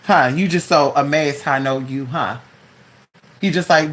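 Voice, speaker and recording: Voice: medium pitch, moderate pace, a bit bright. A host chatting casually at home with viewers, calling everyone "honey" and talking to their dog between remarks. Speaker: live-stream host.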